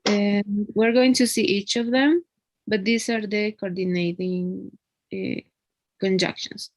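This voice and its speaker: A woman's voice: mid-range voice, steady tone, slow, rough recording. A woman teaching an English grammar lesson one on one, explaining patiently and often checking in with a tag question.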